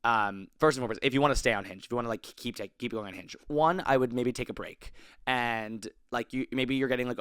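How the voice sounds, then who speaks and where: Young guy hosting a podcast, rambles and restarts a lot, smooth clear voice. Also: mid-range voice, a bit bright, dry recording, studio quality. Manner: rambling, filler-heavy, self-correcting. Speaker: podcast host. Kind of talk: casual advice podcast.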